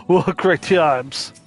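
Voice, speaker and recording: A man hosting a casual gameplay stream, playful and jokey, rambling with fillers. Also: fairly high pitch. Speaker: streamer and host.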